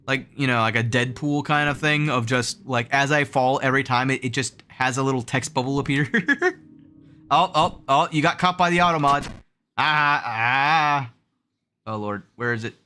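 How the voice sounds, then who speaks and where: On a gaming livestream, a young man chats casually, laughing often and poking fun at himself while reading chat aloud, and he counts jump timing in a rhythmic sing-song. His mid-range voice is bright and forceful at a fairly quick pace, with slight background noise.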